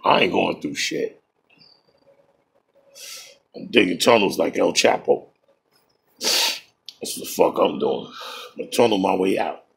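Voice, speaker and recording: A man's voice: sits low, expressive, unhurried, vocal fry, long pauses, a bit bright, slightly rough. A man streaming a game and trading profane, boastful taunts, breaking into laughter at his own jokes. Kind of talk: trash-talking commentary over a game.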